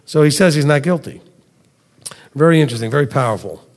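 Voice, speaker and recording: A man preaching a sermon, teaching conversationally, reading scripture aloud slowly, and asking his listeners questions. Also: on the high side, expressive, long reverb tail.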